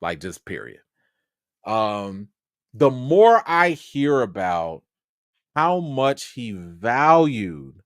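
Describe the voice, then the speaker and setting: A man's voice: medium pitch, smooth, dry recording, studio quality. A man hosting a casual movie news livestream, talking in a slangy, chatty way. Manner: animated, talks back to the listener, slangy.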